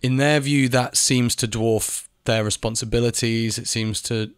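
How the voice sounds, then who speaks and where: A man's voice: medium pitch, steady tone, measured pace, smooth, no room sound, studio quality. A man talking in a casual monologue, ranting, repeating phrases and swearing now and then. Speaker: video essayist. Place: home in Spain.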